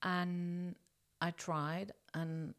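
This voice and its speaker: A woman's voice: on the low side, extremely slow, clear, resonant tone. A middle-aged woman from Norway, speaking English as an as an interview guest, telling a story casually with fillers and restarts and acting out the dialogue. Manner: hesitant, many fillers and restarts, lively when acting out dialogue.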